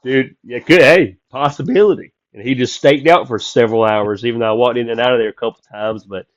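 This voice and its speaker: A man telling a story from the road in casual chat, animated and acting out the people he quotes. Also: mid-range voice, fairly quick, dry recording, highs cut off. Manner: animated, acts out quoted voices loudly. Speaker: comedian guest.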